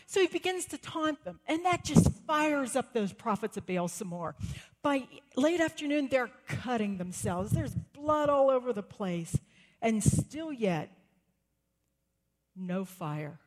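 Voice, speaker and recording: A woman's voice: a little high, slow. Woman preaching in a reverberant church. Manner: storytelling, acting out quotes with rising excitement. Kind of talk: sermon. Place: church sanctuary. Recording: long reverb of a church hall.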